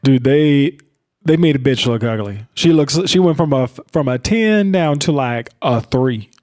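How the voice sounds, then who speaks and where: A man's voice: medium pitch, expressive, moderate pace, a little mellow. A man co-hosting a podcast, talking about a film in a loose, laid-back way and saying dude a lot. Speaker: podcast co-host. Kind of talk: casual film chat.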